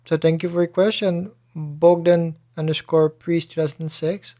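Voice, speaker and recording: A man's voice: a little high, little pitch movement, moderate pace, warm tone, no echo, studio quality. A man hosting a solo podcast in casual chat, talking loosely with plenty of swearing and restarts. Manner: loose and profane, frequent restarts. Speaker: podcast host.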